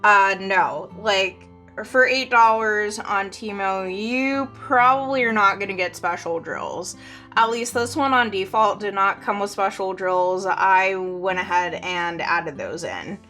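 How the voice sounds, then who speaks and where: A woman's voice: medium pitch, takes it slowly, pushed and bright, soft background music. A woman hosting a crafting channel, chatting casually and rambling with lots of fillers and frequent giggles. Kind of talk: casual show-and-tell chat.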